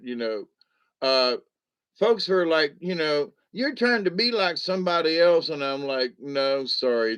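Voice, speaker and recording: A man's voice: medium pitch, fairly bright tone, clear, resonant tone, dry recording. A middle-aged man chatting casually on a livestream, joking, giggling often and slipping into funny voices. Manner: giggly, jokey, drops into put-on voices. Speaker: livestream host and puppeteer. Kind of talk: rambling casual livestream chat.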